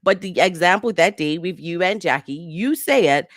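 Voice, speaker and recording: A woman's voice: lowish voice, moderate pace, no room sound. A woman co-hosting a studio talk show, pushing back and cutting in as she debates a point. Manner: animated, pushes back, interjects.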